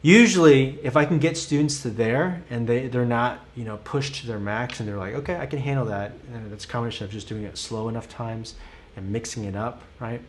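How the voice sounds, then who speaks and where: A man's voice: mid-range voice, fairly even intonation, a little fast, slight background noise. A man teaching a drum lesson, counting and singing rhythms aloud while he plays, patient and encouraging, often checking in with the viewer. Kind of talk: live-streamed drum lesson.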